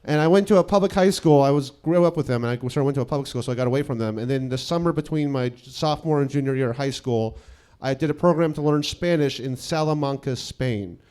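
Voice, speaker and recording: A man's voice: medium pitch, quick pace, darkish tone, clear, resonant tone. A man in his thirties from New York City, a comedian telling a profane, self-mocking personal story and acting out the quotes.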